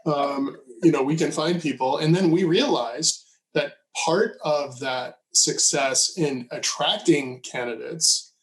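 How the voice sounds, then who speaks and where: A man co-hosting a podcast, talking through his ideas in a measured, reflective way. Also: fairly high pitch, low-quality recording. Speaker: podcast co-host. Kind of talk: conversational discussion.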